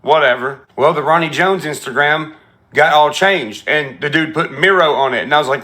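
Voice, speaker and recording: Bright-voiced sarcastic man ranting. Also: on the high side, normal speed. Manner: profane, sarcastic, mimics people he quotes. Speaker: content creator in a clip being reacted to. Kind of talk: storytelling rant.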